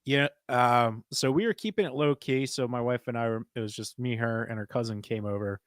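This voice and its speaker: A man co-hosting a casual chat show, slightly hoarse, telling animated stories and laughing often. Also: mid-range voice, brisk, dry recording, studio quality. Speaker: podcast co-host.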